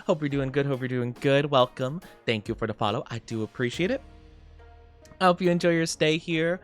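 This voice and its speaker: A man's voice: medium pitch, a little fast, faint music behind. A young man chatting casually on a live stream, upbeat and giggly as he greets his chat.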